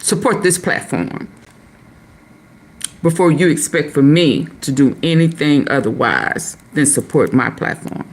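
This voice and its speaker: A woman hosting a live stream, bluntly scolding viewers and telling them to use super chats. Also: deep voice. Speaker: livestream host.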